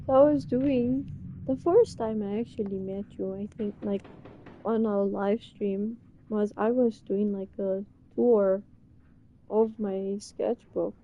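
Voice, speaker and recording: A young woman streamer reacting to an old clip, gasping and laughing with excitement. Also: medium pitch, slow, narrow, tinny audio, a little hiss or hum.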